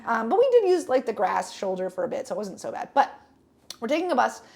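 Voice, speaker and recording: A woman's voice: fairly high pitch, very animated, fast talker, creaky, a little mellow. A young woman telling a rambling travel story on a casual podcast, with lots of fillers and restarts. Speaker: podcast co-host.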